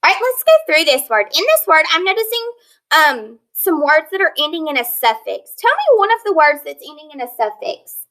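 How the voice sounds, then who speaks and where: A woman teacher leading a phonics lesson, sounding out words slowly and clearly, patient and encouraging. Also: high voice, sing-song, bright, forceful tone, poor audio. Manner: slow, clear modeling of words.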